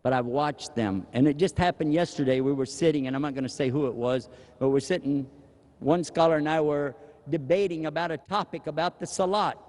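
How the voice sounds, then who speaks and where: Animated male preacher in an echoing hall. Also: fairly high pitch, fairly quick. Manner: animated, humorous, acts out dialogue. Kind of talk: sermon. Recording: echoey hall reverb.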